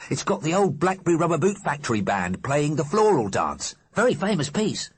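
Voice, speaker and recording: A man's voice: a little high, sing-song, a little fast, breathy edge, pitched above the performer's own voice. A man doing a matter-of-fact clever teen boy.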